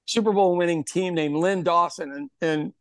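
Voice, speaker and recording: A man's voice: high-pitched, moderate pace, clear, resonant tone, no room sound. A man co-hosting a podcast in casual chat, rambling and repeating words, laughing often. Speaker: podcast co-host.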